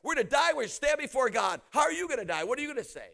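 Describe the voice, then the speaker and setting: A man preaching an energetic storytelling sermon, often shouting, acting out quotes and laughing. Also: extremely high pitch, rapid-fire, vocal fry.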